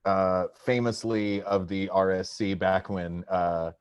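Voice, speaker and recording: Wry, low-voiced male podcast co-host. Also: steady tone, slow pace, clean tone, no room sound, lo-fi sound. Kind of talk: casual chat.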